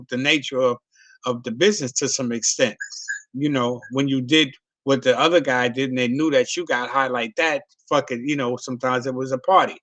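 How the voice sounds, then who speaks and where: A man's voice: mid-range voice, fairly bright tone, dry recording. A middle-aged man, a comedian, telling a long profane story in a loose, rambling way. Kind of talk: casual storytelling on a video call.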